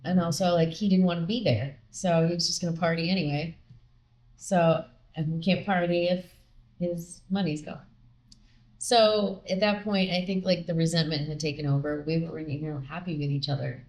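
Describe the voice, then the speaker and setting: A woman guest telling a personal story in an animated way, acting out the dialogue she quotes. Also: fairly low pitch, moderate pace. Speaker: podcast guest; singer with a record contract.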